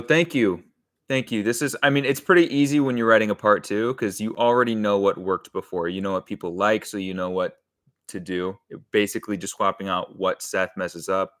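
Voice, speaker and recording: Brief: fairly low male voice, relaxed rambling streamer, talks through his writing with the chat. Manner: thinks aloud, rambling, answers chat, chuckles often. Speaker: comedy sketch writer streaming live. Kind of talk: casual live-stream chat while writing.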